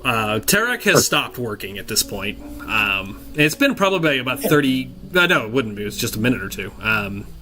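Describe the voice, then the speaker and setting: A man's voice: medium pitch, big pitch swings, normal speed, few pauses, sharp tone, slight background noise. A man narrating as game master of a tabletop game, loose and chuckling as he describes the scene.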